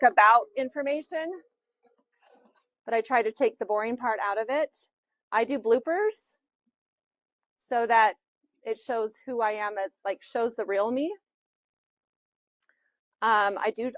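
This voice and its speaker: A woman's voice: on the high side, no room sound. A woman with a Utah accent teaching a social media class in a chatty, loose way with lots of fillers. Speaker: real estate social media instructor.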